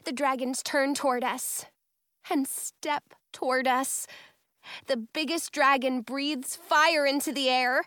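A woman's voice: high-pitched, steady tone, slow, a bit bright, no room sound, studio quality. A woman reading a first-person storybook expressively and playing every character. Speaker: storybook narrator.

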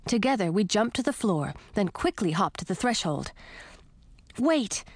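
A woman narrating a children's storybook in an expressive, animated way. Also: mid-range voice, normal speed, dry recording, studio quality. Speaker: audiobook narrator.

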